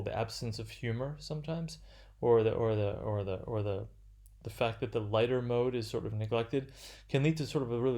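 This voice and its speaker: A man giving an unscripted literature lecture, halting and full of fillers and restarts. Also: medium pitch, darkish tone.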